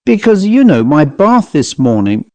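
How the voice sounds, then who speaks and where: A man reading an audiobook, voicing a young male archaeologist in a relaxed, offhand way close to his own voice. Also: fairly high pitch, measured pace, no echo.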